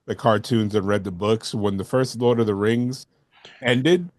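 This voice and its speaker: A man guesting on a casual movie podcast, excitable and quick to laugh. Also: on the low side, no echo, clean studio sound. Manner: excitable, laughs often, does loud voices in stories.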